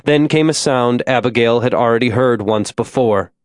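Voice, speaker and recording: A man's voice: mid-range voice, moderate pace, dry recording. Man narrating an audiobook in a dry voice. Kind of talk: scripted narration.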